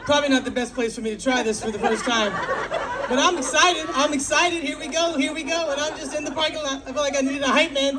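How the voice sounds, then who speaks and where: A woman performing an animated stand-up set on a club stage, acting out little quoted voices. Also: sits high, fast. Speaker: stand-up comedian. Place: comedy club stage with laughing crowd. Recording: loud crowd laughter.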